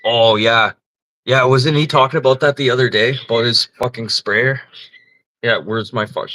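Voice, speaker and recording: A man's voice: medium pitch, fairly even intonation, normal speed, pushed and bright, low-quality recording. A man hosting a livestream, chatting casually and telling rambling, profane stories while laughing often. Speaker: livestream host. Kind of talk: casual storytelling chat.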